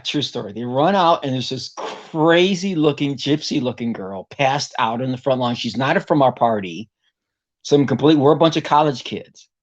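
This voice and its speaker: A man's voice: medium pitch, lo-fi sound. A man, a singer, talking as a guest in a casual interview and telling a long story that rambles and is full of "you know" fillers. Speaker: guest vocalist.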